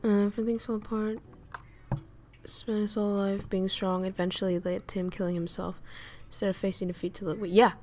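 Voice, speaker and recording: A woman VTuber chatting casually with her stream, blunt and foul-mouthed. She rants, laughs at her own points and answers messages from chat. Her voice sits at an ordinary middle pitch for a woman. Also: little pitch movement, moderate pace, a little mellow, slight background noise. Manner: blunt, profane, ranting and laughing.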